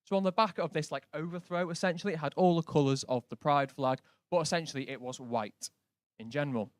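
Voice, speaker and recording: A man's voice: fairly high pitch, brisk, dry recording. A man doing a stand-up set on a comedy club stage, dry and conversational, full of casual asides. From Britain. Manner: dry, conversational, lots of likes.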